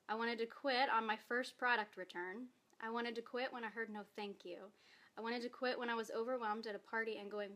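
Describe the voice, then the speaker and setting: A woman's voice: a little high, a bit bright. A woman giving an earnest, emotional personal testimony in a vlog, reading from her own post while holding back tears. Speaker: direct sales distributor.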